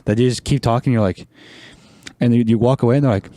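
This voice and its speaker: A man's voice: medium pitch, fairly even intonation, quick pace, dark tone, no room sound, studio quality. A young man in his twenties talking casually as a podcast guest. He acts out voices in his stories and laughs often. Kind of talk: casual chat.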